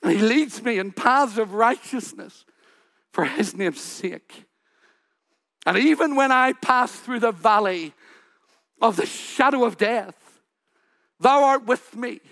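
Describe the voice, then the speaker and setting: A man playing an old pastor who speaks slowly, quietly and reverently, with a lower voice than his own. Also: expressive, no echo, studio quality, heavily acted. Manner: slow, hushed and deliberate.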